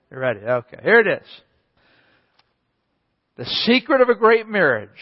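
Male pastor, sermon, emphatic storytelling, fairly high voice, long hall echo. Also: sing-song, normal speed, pauses often. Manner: storytelling, emphatic, repeats for effect. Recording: echoey hall, slightly dull.

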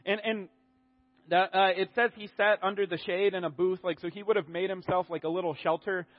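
A man preaching a sermon in a conversational, animated way, often restarting his sentences. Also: high-pitched, brisk, phone-quality sound.

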